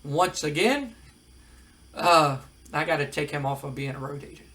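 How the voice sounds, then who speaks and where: A man with a high voice casually recaps a wrestling sim, thinking aloud between results. His delivery is relaxed and easygoing, with plenty of ums and uhs. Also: moderate pace. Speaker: let's-play narrator. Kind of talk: casual game commentary.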